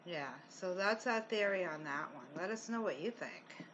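A woman's voice: on the low side, lively intonation, moderate pace, a bit bright. A woman co-hosting a paranormal investigation show, chatting casually about recordings and asking her partner's opinion. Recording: muffled lo-fi recording with faint hiss.

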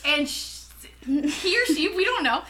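A young woman co-hosting a podcast who tells a rowdy story, animated, profane and laughing. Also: sits high, measured pace, a little hiss or hum. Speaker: podcast co-host. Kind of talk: casual storytelling chat.

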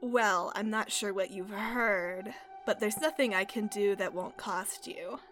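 A woman's voice: mid-range voice, a little slow, a bit bright, a little hiss or hum, lightly acted. A woman voicing a cackling, greedy female collector of curiosities, with a teasing, theatrical way of talking. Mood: sly.

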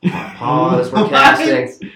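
A man's voice: mid-range voice, lively intonation, slow pace, pushed and bright, echoey room. A man casually telling a long story among friends, rambling, repeating words and laughing as he goes.

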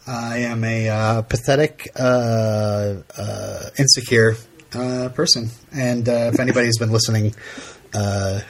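Speaking unhurriedly at a medium pitch with fairly even intonation, this podcast co-host keeps things casual. His talk meanders, full of filler words and false starts.

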